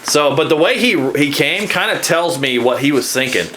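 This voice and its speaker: A man's voice: lively intonation, moderate pace, sharp tone, a little hiss or hum. A man co-hosting a podcast, chatting casually about deer calling and joking about what the deer think. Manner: jokey, voices deer in high silly tones. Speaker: podcast co-host. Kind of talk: casual hunting chat.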